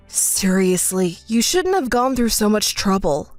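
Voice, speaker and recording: A woman's voice: a little high, expressive, a little slow, few pauses, darkish tone, no room sound, faint music behind. A woman reading the bride's messages aloud in a text story, scolding and indignant. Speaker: narrator voicing the bride.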